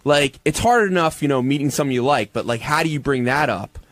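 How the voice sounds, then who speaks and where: A man telling a story on a radio talk show, halting and stammering as he goes. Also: mid-range voice, expressive, a bit bright, no echo. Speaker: show staffer.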